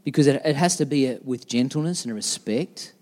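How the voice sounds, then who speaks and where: A man's voice: mid-range voice, brisk, darkish tone, big-room sound. A middle-aged man preaching a sermon as a pastor, chatty and self-deprecating. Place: church.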